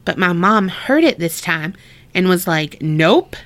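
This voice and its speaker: A woman's voice: fairly low pitch, expressive, unhurried, a bit bright. A woman co-hosting a casual podcast, reading listener stories aloud, laughing often and swearing freely. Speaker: podcast co-host.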